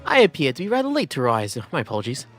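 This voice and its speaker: A man's voice: medium pitch, huge pitch swings, racing, fairly bright tone, faint music behind. A man voicing an eccentric, weary male detective, reading game dialogue with theatrical, old-fashioned formality. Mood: courteous.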